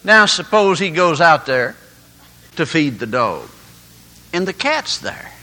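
A man preaching, his fairly high voice swinging widely in pitch. He tells folksy stories and plays out the people in them. His tone is bright and forceful. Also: big pitch swings, slow, low-quality recording. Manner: folksy storytelling with acted-out voices. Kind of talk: sermon.

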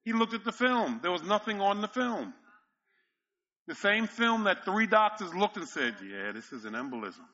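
A man's voice: high voice, big pitch swings, moderate pace, bright, forceful tone, highs cut off. A male pastor preaching a sermon, telling stories with emphatic repetition and frequent chuckles. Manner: storytelling, emphatic, chuckles often.

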